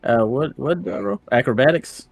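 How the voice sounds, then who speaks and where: A man's voice: mid-range voice, expressive, a little fast, vocal fry, narrow, tinny audio, soft background music. A man playing a tabletop game, speaking in a hesitant, unsure way. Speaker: player. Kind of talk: casual tabletop game play.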